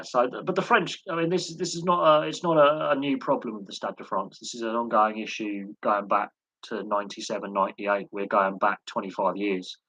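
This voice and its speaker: A man's voice: fairly low pitch, fairly bright tone, no echo, poor audio. A man hosting a live sports chat stream, talking in a rambling way with many fillers and repeated words. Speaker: host.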